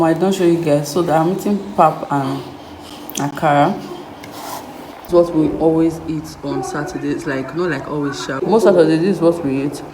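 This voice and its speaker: A woman's voice: low-pitched, background noise. A young Nigerian woman with a Nigerian accent, chatting casually to viewers in a home vlog and asking them questions. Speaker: vlogger, mother. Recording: echoey room with background guitar music.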